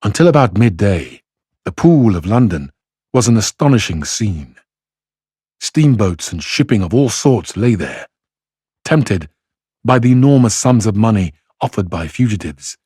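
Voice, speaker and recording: A man reading passages of a classic novel aloud in a measured, even delivery. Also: lowish voice, slightly rough, no room sound, studio quality. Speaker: reader.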